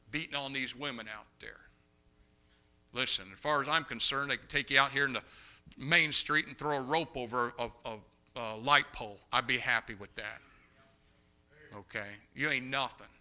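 A male pastor delivers an impassioned sermon story, his voice sitting at an ordinary pitch but with a very bright, cutting edge. He swings from loud, forceful bursts down to hushed, confiding stretches.

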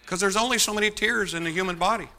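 Man, preacher, sermon, animated and mocking, slightly high pitch, very bright tone. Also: fast talker, slight background noise. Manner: animated, mocking, swings from loud to hushed. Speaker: pastor.

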